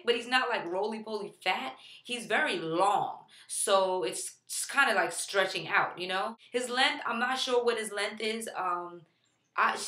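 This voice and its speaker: A woman's voice: mid-range voice, pushed and bright, echoey room. A woman who is a mother and vlogger, chatting casually to camera in a playful way, using lots of fillers and sometimes turning to talk to her baby. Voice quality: chatty, filler-heavy delivery. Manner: playful, talks to the baby in between.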